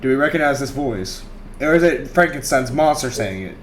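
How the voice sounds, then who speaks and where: A man playing in a tabletop game, excitable with loud outbursts. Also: medium pitch, normal speed, a little hiss or hum. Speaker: player. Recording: echoey room.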